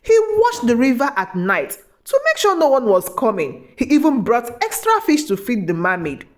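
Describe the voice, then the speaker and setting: A woman reading a fantasy story aloud in an expressive, dramatic way. Her voice sits fairly high and her pitch rises and falls widely. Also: moderate pace. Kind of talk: scripted story narration.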